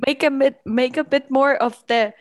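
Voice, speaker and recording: A woman acting coach giving quick, encouraging prompts to performers. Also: sits high, fairly even intonation.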